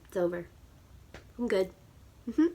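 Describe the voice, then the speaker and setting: A woman's voice: mid-range voice, lively intonation, unhurried, warm tone, slight background noise. A woman in her thirties vlogging a beauty unboxing, gushing with squeals and dropping to whispered asides. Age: 30s. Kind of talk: excited unboxing chat.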